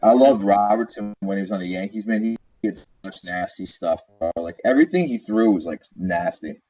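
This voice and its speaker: A man's voice: lowish voice, moderate pace, dark tone, breathy edge. A man co-hosting a podcast in casual sports chat, ranting animatedly and calling people "dude" and "bro.". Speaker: podcast co-host. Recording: dull lo-fi sound.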